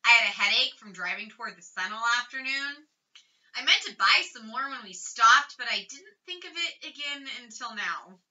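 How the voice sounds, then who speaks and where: A woman reads a worried storybook father, plain-spoken and exasperated. The voice is bright, and the sound is dull and a bit far from the mic. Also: fairly high pitch, animated, normal speed.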